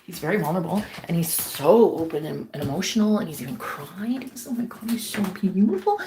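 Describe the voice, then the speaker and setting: A young woman livestreaming from a backyard, talking in an excitable, gushing way that jumps between loud exclamations and hushed whispers. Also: fairly low pitch, a little fast, a little hiss or hum. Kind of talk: casual livestream chat. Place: outdoors in a backyard.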